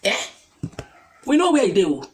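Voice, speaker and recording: A woman's voice: on the high side, very animated, moderate pace. A woman with a Nigerian accent giving an emphatic opinion to her followers, repeating her points and firing rhetorical questions. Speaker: vlogger reacting to news. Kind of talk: opinionated commentary in Pidgin and Igbo.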